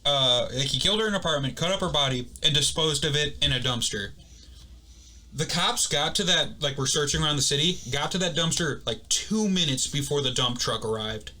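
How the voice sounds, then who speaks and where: A young man co-hosting a casual podcast, rambling through stories with quick asides and acted-out quotes. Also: a little high, animated, bright, forceful tone. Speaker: podcast co-host. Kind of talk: casual chat.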